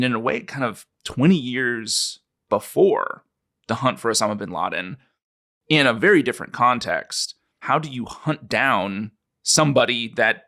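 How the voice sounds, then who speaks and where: A man co-hosting a podcast. He speaks in an energetic, loose and chatty way. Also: medium pitch. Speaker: podcast co-host. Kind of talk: conversational podcast chat.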